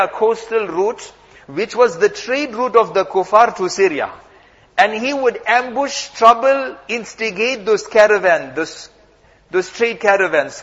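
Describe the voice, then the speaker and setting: A man's voice: high-pitched, a bit bright. A man preaching a sermon, telling stories and acting out the dialogue. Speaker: Islamic preacher. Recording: muffled sound in a reverberant hall.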